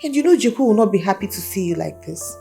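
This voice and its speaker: A woman's voice: mid-range voice, lively intonation, fast, creaky, dark tone, faint music behind. An actress playing a caring young woman who soothes and pleads, with a Nigerian accent. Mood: comforting. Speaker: daughter-in-law.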